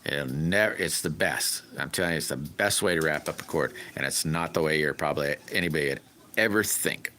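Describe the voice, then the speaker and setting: Folksy streamer, very low voice with a forceful bright edge, chatty and rambling. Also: male voice, fairly quick, slight background noise. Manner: rambling, folksy, griping about car repairs. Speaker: livestream host. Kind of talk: casual livestream chat with viewers.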